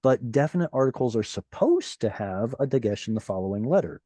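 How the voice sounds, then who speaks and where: Guy teaching an online class, lively up-and-down voice, mellow, dry sound, video call mic. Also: mid-range voice, brisk, no room sound. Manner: animated and encouraging, playful asides. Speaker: Hebrew teacher.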